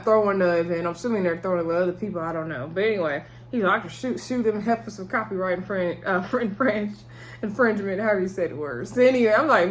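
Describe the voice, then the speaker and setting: A woman recapping a TV episode for her viewers in a chatty, casual way, laughing often and breaking into high-pitched exclamations. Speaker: TV episode reviewer. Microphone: talking to camera.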